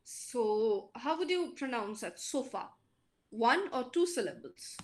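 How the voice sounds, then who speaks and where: An Indian English woman teaching an online class. She talks slowly and deliberately, with many fillers, in a fairly high voice. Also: big pitch swings, slight background noise. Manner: slow, deliberate explaining with frequent fillers. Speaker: lecturer. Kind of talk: online lecture to students.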